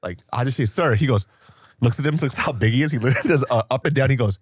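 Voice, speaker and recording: A man in his thirties co-hosting a casual podcast chat, laughing often and acting out loud voices in his stories. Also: mid-range voice, rapid-fire, breathy edge, no echo, studio quality. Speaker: podcast co-host.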